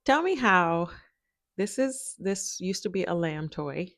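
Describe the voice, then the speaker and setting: A woman with a low, deep voice talks casually to a camera propped by her window. She rambles, laughs often and talks to her dogs between thoughts. The sound is dry and close, with no room echo. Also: lively intonation, slow pace. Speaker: spiritual video creator. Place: home, by a window.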